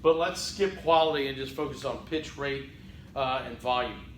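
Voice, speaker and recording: A man teaching a public speaking class in a conversational lecture, often saying "okay" and acting out halting speech full of fillers. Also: mid-range voice, echoey room, slight background noise, poor audio. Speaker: college public speaking instructor. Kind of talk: recorded lecture.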